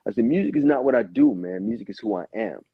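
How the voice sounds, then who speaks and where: A man's voice: mid-range voice, wildly swooping pitch, fast, vocal fry, husky, no room sound. A man guest on a podcast interview, telling stories in a laid-back, casual way, swearing and acting out what people said. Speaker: guest musician. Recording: dull lo-fi audio.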